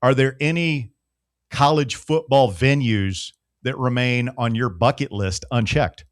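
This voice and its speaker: A man's voice: mid-range voice, measured pace, no room sound, clean studio sound. A man hosting a sports radio show, upbeat and joking with his guest. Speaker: radio host.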